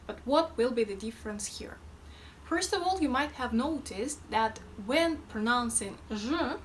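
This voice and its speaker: A woman with a Russian accent gives a pronunciation lesson at an unhurried pace. Her voice sits a little high, and she drills sounds patiently and playfully. A faint background noise runs under the recording. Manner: demonstrates sounds by repeating them in drills; playful, chatty explanations. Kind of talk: slow, careful pronunciation lesson.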